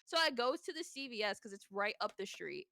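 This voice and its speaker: A young woman in her twenties telling stories in casual chat as a streamer, animated, laughing often and swearing freely. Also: medium pitch, fairly quick, vocal fry, dry recording, clean studio sound.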